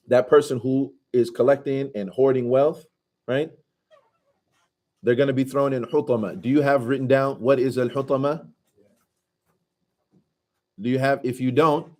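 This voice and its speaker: A man's voice: mid-range voice, dark tone. A man teaching a conversational scripture commentary class, casually asking his students questions and reciting Arabic passages.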